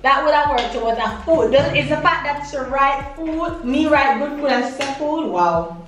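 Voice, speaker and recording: A young woman hosting a casual quiz chat, lively and quick, laughing often. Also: high voice. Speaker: host. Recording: echoey room from far off, noisy.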